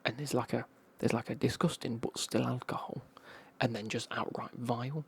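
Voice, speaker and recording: A man from England with an English accent, telling a casual travel story in a whispered ASMR style, in a husky whisper with slang. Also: medium pitch, steady tone, moderate pace, a bit bright, slight background noise. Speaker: ASMR creator.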